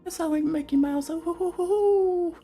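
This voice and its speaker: A man putting on a cheerful, high cartoon mouse voice in a giggly falsetto with hooting laughs. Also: moderate pace, mellow, faint music behind. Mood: goofy, giggly.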